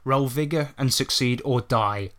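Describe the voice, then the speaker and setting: A man's voice: mid-range voice, a little slow, fairly bright tone, clean tone. A man co-hosting a podcast in a casual chat, explaining tabletop game rules step by step and swearing freely.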